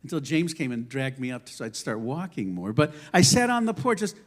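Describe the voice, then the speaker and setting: A man's voice: mid-range voice, very animated, brisk. Male rabbi, sermon in a synagogue; emphatic, wide-ranging delivery, wry storytelling. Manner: impassioned, emphatic, swinging between loud declarations and quiet asides; conversational storytelling with self-deprecating humor. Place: synagogue sanctuary.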